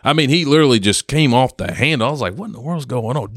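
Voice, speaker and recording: A man co-hosting a podcast, relaxed and anecdotal, telling a story and acting out what people said. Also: mid-range voice, quick pace, dry recording, studio quality. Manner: relaxed, anecdotal, acts out quotes. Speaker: podcast co-host. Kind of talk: casual storytelling.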